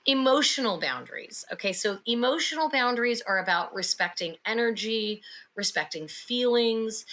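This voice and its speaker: A woman co-hosting a podcast, explaining at length in a calm, earnest way. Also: medium pitch, slight background noise, poor audio. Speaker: podcast co-host. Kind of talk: casual podcast chat.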